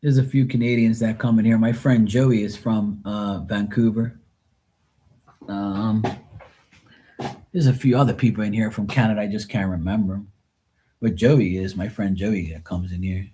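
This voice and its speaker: Speaking at normal speed with a fairly low, warm voice and fairly even intonation, this man from Bermuda chats loosely with his live tarot audience. His Bermudian accent carries through the casual stream talk.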